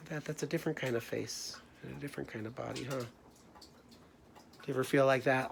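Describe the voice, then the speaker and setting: A male teacher speaks gently to young children and names his feelings out loud as he goes. His pitch is ordinary and middling. A faint hiss sits under the recording. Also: fairly even intonation, moderate pace, creaky, pauses often. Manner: gentle, talking through feelings aloud. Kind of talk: storytime lesson for children.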